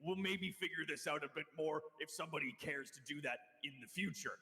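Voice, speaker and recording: A man's voice: on the high side, fairly quick, bright, forceful tone, long reverb tail, pitched above the performer's own voice. A man voicing a brash male orc arena announcer with tusks, in showy sports-announcer patter. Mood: hyped.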